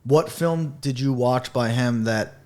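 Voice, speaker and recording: A young man hosting a podcast, talking in a casual, slangy, animated way and acting out lines he quotes. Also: mid-range voice, slow. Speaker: podcast host.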